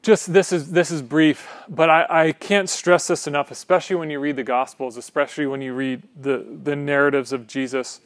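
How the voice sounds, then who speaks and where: A man's voice: on the high side, steady tone, normal speed, hardly any pauses, dry recording. A man preaching a sermon in a conversational way, often checking in with "right?".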